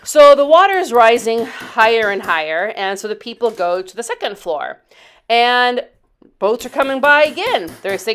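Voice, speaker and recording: A woman's voice: fairly high pitch, animated, moderate pace, clear, resonant tone. A woman in her fifties hosting a DIY channel, telling stories in a rambling, chatty voice-over full of asides. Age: 50s. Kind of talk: casual storytelling voice-over.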